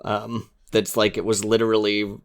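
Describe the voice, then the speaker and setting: A man's voice: on the low side, monotone, normal speed. A man guesting on a podcast, talking earnestly and with enthusiasm, sometimes acting out quoted lines. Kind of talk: casual chat.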